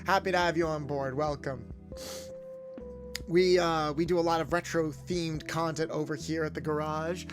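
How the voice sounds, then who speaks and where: Chatty male streamer, fairly high voice. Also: moderate pace, over music. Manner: chatty, animated, in-character garage mechanic patter. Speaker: VTuber streamer. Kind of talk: casual livestream chat.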